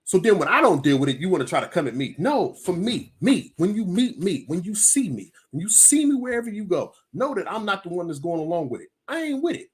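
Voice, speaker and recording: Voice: medium pitch, very animated, fairly quick, hardly any pauses. A vlogger giving a heated, emphatic personal rant to camera, repeating points for emphasis and telling stories. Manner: emphatic, repetitive, storytelling with acted quotes. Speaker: video commentator.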